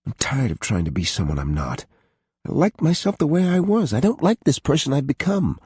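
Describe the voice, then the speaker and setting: A man voicing a tearful, weary young pregnant woman in an audiobook, speaking softly and choked with tears. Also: medium pitch, sing-song, brisk, husky, no room sound, clean studio sound, pitched above the performer's own voice. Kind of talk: audiobook character voice.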